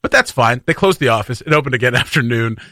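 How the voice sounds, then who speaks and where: A man hosting morning radio, playful and animated, laughing through casual banter in a studio. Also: medium pitch, fast, no room sound. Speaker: radio host. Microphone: studio microphone.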